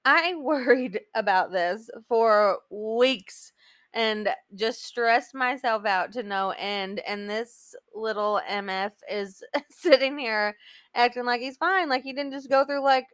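A woman's voice: a little high, takes it slowly, a bit bright, dry recording. A young woman co-hosting a podcast, telling a story in casual chat, laughing often and acting out what people said. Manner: chatty, laughs often, acts out quoted dialogue. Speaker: podcast co-host.

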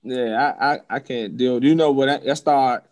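A man's voice: mid-range voice, normal speed. Blunt joking man. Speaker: podcast co-host. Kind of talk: casual podcast chat.

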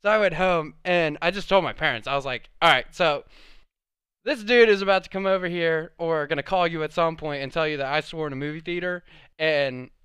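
Young man, podcast co-host, animated storyteller, bright voice, clear tone, dry sound. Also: on the high side, fairly quick, no echo. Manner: animated storyteller, acts out quotes. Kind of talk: casual chat.

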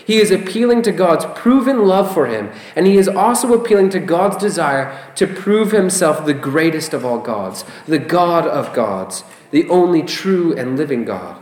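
A man preaching a sermon as a pastor, expressive and emphatic, often asking rhetorical questions. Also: on the high side, normal speed, hardly any pauses. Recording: roomy echo.

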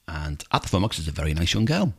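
A middle-aged taxi driver from Liverpool, England, with a very deep voice and a thick Scouse accent, hosts a podcast and tells taxi stories in relaxed, casual chat. He talks fast with a gravelly, breathy edge and acts out his passengers' voices with gusto as an animated storyteller.

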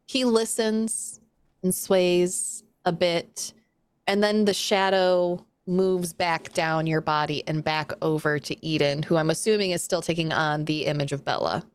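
A woman narrating as game master of a tabletop game, describing scenes in an unhurried, descriptive way. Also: fairly low pitch, fairly even intonation, smooth, no room sound.

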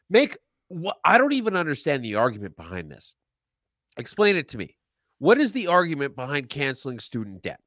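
A man's voice: mid-range voice, huge pitch swings, a little fast, fairly bright tone, dry recording. A man co-hosting a podcast, ranting casually about politics with lots of filler words. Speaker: podcast co-host.

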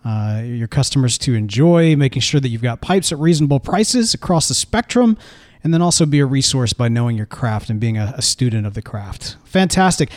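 A man co-hosting a podcast in casual chat, upbeat and animated. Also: medium pitch, brisk, no room sound, studio quality. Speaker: podcast co-host.

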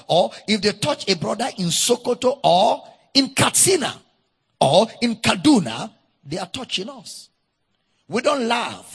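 A man's voice: high voice, vocal fry, husky. A man with a Nigerian accent preaching a sermon as pastor, emphatic and leading the congregation in call-and-response. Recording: echoey church hall.

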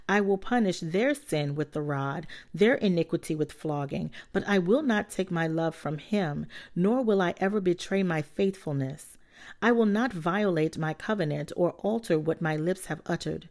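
Woman reading scripture in a mellow voice. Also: fairly low pitch. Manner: measured, earnest reading. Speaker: Bible reader.

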